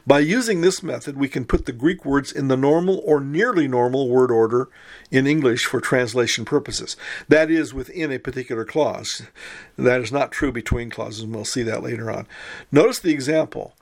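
A man teaching a Greek grammar lesson as a recorded lecture, explaining methodically, reading example words slowly and sometimes correcting himself. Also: mid-range voice. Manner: occasional restarts and self-corrections.

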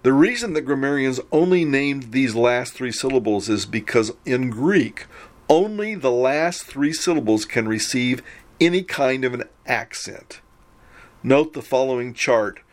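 A man teaching a recorded Greek grammar lesson, explaining in a measured way and slowing down to spell out syllables. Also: medium pitch.

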